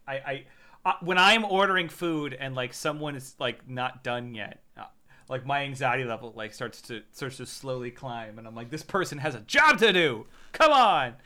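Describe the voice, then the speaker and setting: A man's voice: medium pitch, moderate pace, sharp tone. A man co-hosting a casual movie review podcast, exasperated and emphatic, stumbling over his starts. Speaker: podcast co-host.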